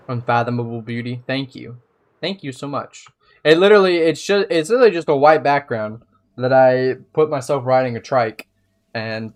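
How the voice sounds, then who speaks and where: A man live-streaming a building game, chatting casually and thinking aloud as he plays. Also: medium pitch.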